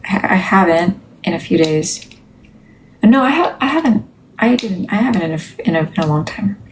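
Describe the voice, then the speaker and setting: A woman's voice: mid-range voice, lively intonation, normal speed, slight background noise, low-quality recording. A woman hosting a casual livestream from home, talking in a candid, rambling way with many restarts. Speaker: livestream host. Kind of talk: casual live-stream chat.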